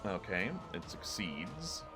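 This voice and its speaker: A man running a tabletop game as game master, relaxed and joking, laughing often. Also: deep voice, slow, music in the background.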